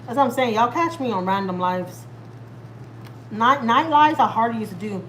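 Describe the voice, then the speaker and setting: Chatty mom on a live stream. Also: female voice, on the high side, expressive, moderate pace, fairly bright tone, a little hiss or hum, low-quality recording. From Texas, USA. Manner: chatty and rambling, talks straight to viewers. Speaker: family vlogger hosting a live stream. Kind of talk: casual live-stream chat. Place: at home.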